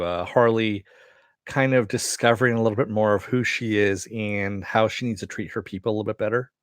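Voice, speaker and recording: A man's voice: fairly low pitch, dry recording, clean studio sound. A man giving a casual, rambling episode review, laughing often and swearing.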